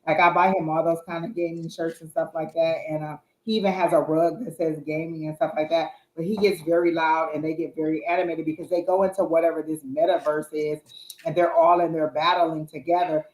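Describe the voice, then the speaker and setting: A woman with a low voice chats her way through a live tarot reading, reassuring and loose in her phrasing. She speaks from home, and the sound is roomy with a noticeable echo. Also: level tone, brisk, a little mellow. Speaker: tarot reader co-host.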